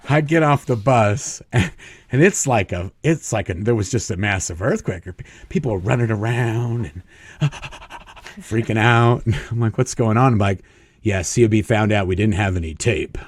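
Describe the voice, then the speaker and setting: A man's voice: lowish voice, normal speed, slight background noise. A man as an interview guest, telling stories casually, chuckling often and acting out quoted dialogue. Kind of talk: casual storytelling.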